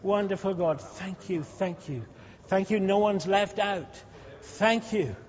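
A man's voice: high voice, takes it slowly, a little mellow. A man, a pastor leading his church in fervent prayer with repeated, rising pleas. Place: church hall. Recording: dull sound with long hall reverb.

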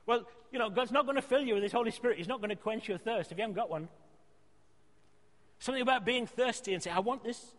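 An earnest preacher moves quickly through his sermon, pushing his points hard until he rises to loud exhortation, then dropping to soft, quieter appeals. His voice is fairly high for a man, and a long reverb lingers through the hall.

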